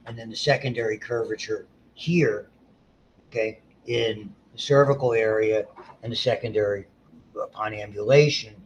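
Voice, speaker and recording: A man's voice: lowish voice, fairly even intonation, moderate pace, muffled recording, a little hiss or hum. Older man giving a rambling lecture. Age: about 70. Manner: rambling, conversational, many restarts and asides. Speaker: biology lecturer. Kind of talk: casual classroom lecture.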